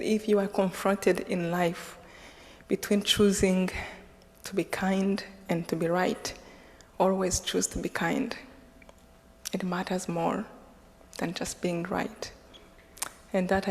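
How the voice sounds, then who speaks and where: A woman from Rwanda, giving an animated public talk as a guest speaker and laughing often. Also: on the low side, takes it slowly, long pauses. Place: large hall with an audience. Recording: long reverb of a large lecture hall.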